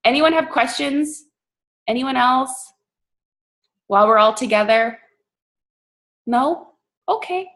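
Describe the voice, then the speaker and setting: A young woman from Canada hosting a team coaching call, talking fast and casually with lots of fillers and a sarcastic edge. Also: high-pitched, a bit bright.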